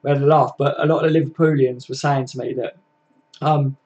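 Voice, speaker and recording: Casual stream host, man, rambling and matey, mid-pitched, slightly muffled recording. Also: steady tone, a little fast, a little mellow. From England. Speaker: fan channel host. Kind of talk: casual live stream chat.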